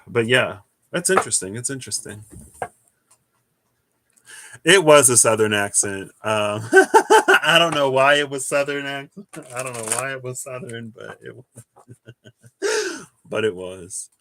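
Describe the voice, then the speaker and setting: A man giving a casual livestream tarot reading, thinking aloud in a rambling way with restarts and soft chuckles. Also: medium pitch, very animated, measured pace, pauses often, slight background noise. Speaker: tarot reader.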